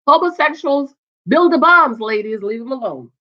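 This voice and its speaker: Here a TV reviewer with a high, expressive voice chats through an episode at a normal pace, throwing exclamations and asides directly at her audience. Her audio has a muffled, lo-fi quality.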